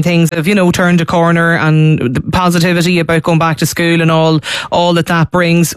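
A man's voice: on the high side, no echo, studio quality. An Irish man hosting a live radio talk show, fluent and friendly, with plenty of fillers. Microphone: studio microphone.

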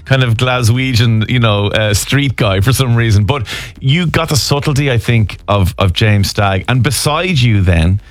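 Chatty middle-aged Irish interviewer. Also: male voice, mid-range voice, moderate pace, no room sound. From Ireland. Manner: enthusiastic, chatty, flattering. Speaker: journalist interviewer.

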